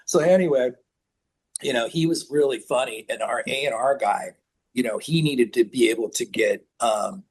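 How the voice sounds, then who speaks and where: A man's voice: medium pitch, normal speed, breathy edge. A middle-aged man from the San Francisco Bay Area telling band anecdotes in a casual interview, acting out the voices of people he quotes. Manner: animated anecdotes, acts out quoted voices, laughs often. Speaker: guest musician.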